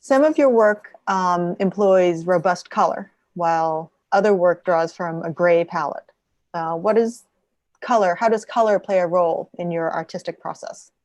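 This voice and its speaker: A woman artist on a video call, talking warmly with a fellow artist and asking about her process. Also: fairly low pitch, normal speed, no echo. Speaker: fellow artist and conversation partner. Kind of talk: casual artist conversation.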